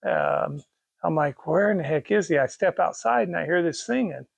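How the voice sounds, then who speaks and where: A man's voice: fairly high pitch, expressive, normal speed, vocal fry, no room sound. A middle-aged man with a Kansas accent, owner of a race car parts business, telling a rambling, folksy story with restarts and quoted dialogue. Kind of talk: casual storytelling.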